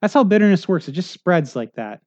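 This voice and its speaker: A man's voice: sits high, very animated, brisk, darkish tone, dull audio. A middle-aged male pastor preaching a sermon in a conversational, earnest way, often checking in with the congregation.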